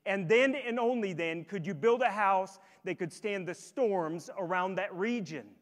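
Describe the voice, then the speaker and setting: A male pastor preaching a sermon to his congregation, emphatic and fond of rhetorical questions. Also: sits high. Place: church sanctuary. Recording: long church hall reverb.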